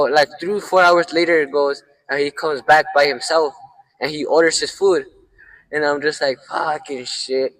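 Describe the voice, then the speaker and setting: A man's voice: a little high, fairly bright tone, low-quality recording. A young man hosting a podcast, telling a story in a rambling, profane way with lots of fillers. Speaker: podcast host. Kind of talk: casual storytelling.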